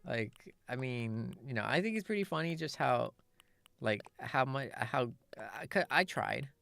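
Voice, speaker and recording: A woman's voice: very deep voice, expressive, a little slow, vocal fry, fairly bright tone, dry recording. A woman streamer in casual, rambling chat while gaming, laughing at herself often.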